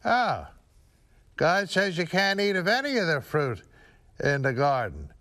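A man's voice: fairly high pitch, big pitch swings, measured pace, a bit bright, no echo, clean studio sound. A man voicing a sly serpent who twists words to tempt. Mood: coaxing.

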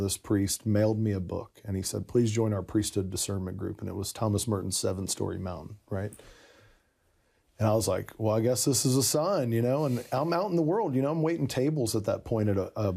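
A man telling the story of his conversion in a casual conversation, animated and laughing often. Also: fairly low pitch, vocal fry.

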